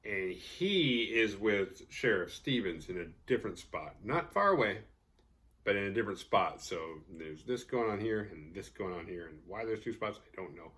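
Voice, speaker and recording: Man, casual movie recap, fairly low voice, sarcastic, swears a lot. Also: lively intonation, normal speed, a bit bright. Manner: profane, sarcastic, acts out quoted characters with laughs. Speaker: podcast host recapping a horror film.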